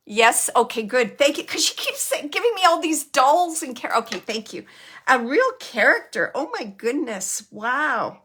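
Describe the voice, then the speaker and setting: A woman medium gives a live reading in a bright, tense, fairly high voice. She talks haltingly, hunting for words through plenty of fillers, and now and then sinks into a hushed whisper. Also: lively intonation, husky. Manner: drops to a hushed whisper at times. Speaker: psychic medium.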